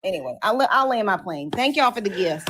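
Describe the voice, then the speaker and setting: Animated, sassy woman chatting on a livestream. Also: mid-range voice, brisk, heavy background noise. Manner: animated, sassy, slangy storytelling. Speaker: co-host of a live political chat stream. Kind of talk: casual live-stream chat.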